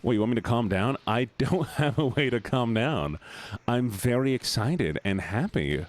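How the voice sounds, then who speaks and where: Lively, playful male streamer. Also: mid-range voice, normal speed. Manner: excitable, playful, teasing chat. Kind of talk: casual live-stream chat.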